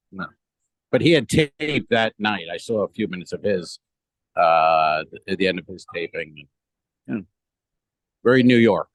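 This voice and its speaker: Low-voiced man rambling through a story. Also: animated, a little slow, pauses often, no echo, poor audio. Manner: rambling,喜 swearing, laughs while telling stories. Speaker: podcast co-host, comedian. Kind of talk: casual chat. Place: remote call from a cruise ship.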